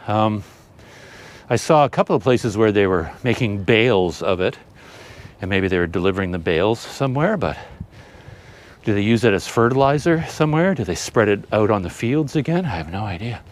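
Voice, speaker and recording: Breathless man, rambling and self-deprecating, low voice, hiking outdoors and filming himself. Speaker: travel vlogger. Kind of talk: casual vlog talk while hiking. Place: outdoors on a hill trail. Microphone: handheld camera.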